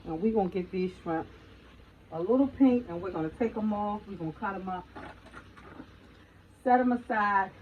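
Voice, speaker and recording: A woman's voice: mid-range voice, moderate pace, pauses often, phone-quality sound, slight background noise. A middle-aged woman giving a folksy, chatty cooking tutorial in her home kitchen, often calling out to viewers as y'all. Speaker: home cook.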